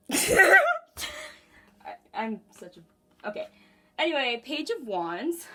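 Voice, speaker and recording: A woman giving a casual tarot reading at home, chatty and giggly, talking straight to her viewers. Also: medium pitch. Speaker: tarot reader. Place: home room.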